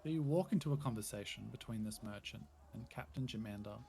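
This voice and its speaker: A man's voice: fairly low pitch, quick pace, a little mellow. A man narrating as game master, with loose, rambling descriptions full of hedging fillers.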